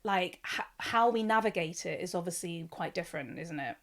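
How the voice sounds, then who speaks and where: A woman's voice: on the low side, animated, brisk, a bit bright. A woman hosting a podcast interview, chatty and gushing, with plenty of fillers. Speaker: podcast host.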